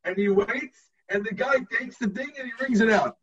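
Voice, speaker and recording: A man's voice: very high-pitched, normal speed, a bit bright, recorded from a distance, dull audio. A man, a rabbi, teaching a text to his students over a video call, explaining step by step and checking in with the class.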